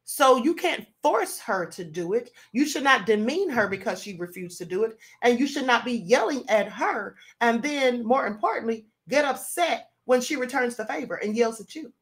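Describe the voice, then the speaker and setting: A woman's voice: on the high side, expressive, moderate pace, few pauses. A woman hosting her own show, giving indignant commentary full of rhetorical questions. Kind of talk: casual commentary.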